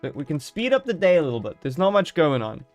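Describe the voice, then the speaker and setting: A man's voice: fairly high pitch, big pitch swings, fast, highs cut off, faint music behind. A man streaming a game live, chatting casually and joking as he thinks aloud.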